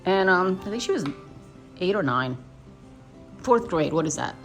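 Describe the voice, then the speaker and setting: A woman's voice: lowish voice, sing-song, moderate pace, soft background music. A New woman in her fifties tells a personal story on her doll vlog in a rambling, emotional way, full of restarts. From New York. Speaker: doll vlogger.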